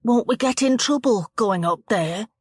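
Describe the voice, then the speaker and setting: A woman's voice: on the high side, animated, unhurried, darkish tone, slightly rough, dry recording, studio quality, pitched above the performer's own voice. A woman doing a panicked little schoolboy. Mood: anxious. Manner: pleading, panicky cries. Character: frightened small schoolboy who is bullied.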